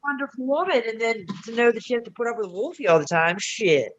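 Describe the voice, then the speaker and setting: A woman's voice: on the high side, lively intonation, fast, dry recording, dull audio. A woman in casual group chat, mostly murmuring agreement and slipping in dry teasing. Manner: short backchannels, dry teasing.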